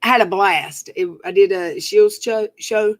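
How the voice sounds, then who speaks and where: A woman's voice: mid-range voice, measured pace, dry recording, poor audio. A woman hosting a livestream panel, chatting casually with rambling, self-interrupting talk and easy laughs. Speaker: livestream commentary host. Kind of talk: casual chat.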